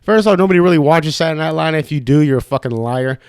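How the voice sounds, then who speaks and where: Young man, podcast host, profane rambling rant, slightly high voice, dry close mic. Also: quick pace, darkish tone, smooth, dry recording. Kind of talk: casual solo podcast rant.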